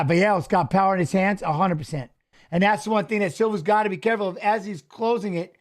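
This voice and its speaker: Middle-aged guy w a high voice riffing thru a fight live, yelling tips at the fighters. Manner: chatty, coaching fighters aloud, excited calls. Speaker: watch-along host. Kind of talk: casual live fight commentary.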